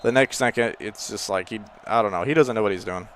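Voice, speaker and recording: A man casually commenting on his own football video game play, rambling between plays and exclaiming loudly when something happens. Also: lowish voice, fast talker. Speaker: gaming channel host.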